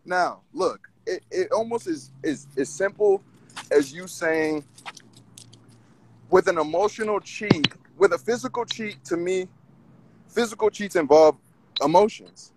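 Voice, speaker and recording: Guy calling in, fired up and repeating himself, kinda high voice. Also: measured pace, slight background noise, poor audio. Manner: animated, argumentative, repeats himself. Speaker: caller. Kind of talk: casual call-in debate.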